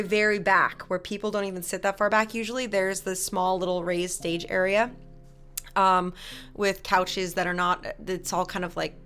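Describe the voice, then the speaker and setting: A woman's voice: mid-range voice, pushed and bright. A young woman streamer casually chatting with her viewers, telling stories with frequent laughter and reading chat aloud. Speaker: live streamer and musician.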